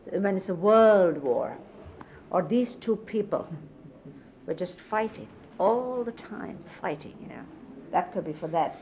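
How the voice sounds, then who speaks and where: A middle-aged woman casually reminiscing, explaining hand gestures in an unhurried, conversational way and often quoting others. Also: mid-range voice, lively intonation. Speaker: interviewee recalling life with a spiritual teacher. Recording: lo-fi 1970s videotape, faint hiss.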